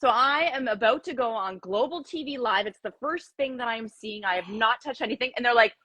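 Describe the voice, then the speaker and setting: Breathy woman hosting a chat stream, lots of ups and downs in her voice, acts out her reactions. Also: fairly high pitch, brisk, dry recording. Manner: animated storyteller, acts out her own reactions. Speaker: livestream host. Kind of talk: casual group chat.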